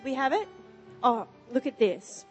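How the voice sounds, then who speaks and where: Animated woman preaching in a reverberant hall. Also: high voice, unhurried. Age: middle-aged. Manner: emphatic, animated storytelling. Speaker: pastor. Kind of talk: sermon with storytelling and scripture reading. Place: church stage before a live congregation. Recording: reverberant hall with faint music.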